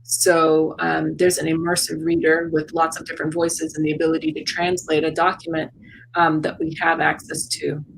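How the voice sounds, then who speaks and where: A woman who is an artist and educator, talking as an interview guest in a reflective, searching way with many pauses and repeats. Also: sits low, monotone, creaky, slight background noise, low-quality recording. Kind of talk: casual interview talk. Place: South Florida.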